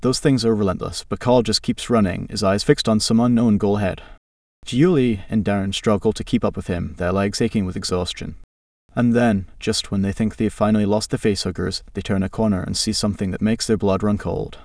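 A man reading a scripted adventure story in a steady, dramatic narration. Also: fairly low pitch, brisk, dry recording. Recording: distant dry mic.

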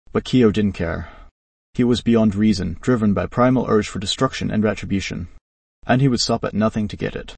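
A man narrating a dramatic story in a steady, even reading voice. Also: lowish voice, brisk, creaky, husky, no echo, recorded from a distance.

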